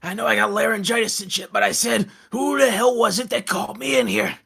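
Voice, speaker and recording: A man voicing a gruff, hot-headed gangster thug in a fan game dub, raspy and yelling in tough-guy slang. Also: high-pitched, fairly even intonation, a little fast, full character voice. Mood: aggressive. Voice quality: raspy, hoarse.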